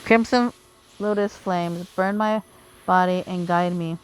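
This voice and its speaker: A woman's voice: on the low side, fairly even intonation, a little slow, a little hiss or hum, lightly acted. A woman reading the lines of an obsessed adult male villain mage, with grandiose, vengeful declarations.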